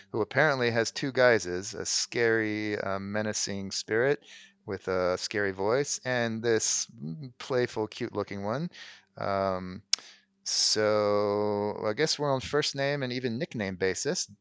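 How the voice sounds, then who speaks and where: Low-voiced man chatting over gameplay. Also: lively intonation, slow pace, fairly bright tone, clear, resonant tone, no room sound. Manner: rambling, many ums and restarts. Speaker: let's play host. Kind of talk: casual gameplay commentary.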